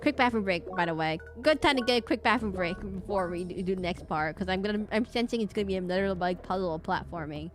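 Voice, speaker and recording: A woman's voice: mid-range voice, fast, hardly any pauses, soft background music. Young female VTuber, mid-range voice, chatty live gameplay chatter with exclamations. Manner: chatty, exclaiming, reads game dialogue aloud. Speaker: VTuber streamer.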